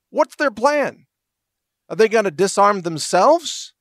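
A middle-aged man hosts his own podcast, pressing his points with indignant, sarcastic rhetorical questions. His voice sits a bit high for a man. The recording is close and dry, with no room sound. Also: a bit bright, no room sound. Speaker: podcast host. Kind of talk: solo political commentary podcast.

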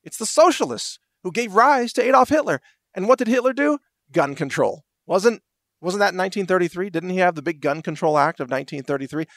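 A man's voice: on the high side, fairly bright tone, dry recording, studio quality. Heated, indignant podcast man. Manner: heated, indignant, sarcastic rhetorical questions. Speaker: podcast host. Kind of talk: solo political commentary podcast.

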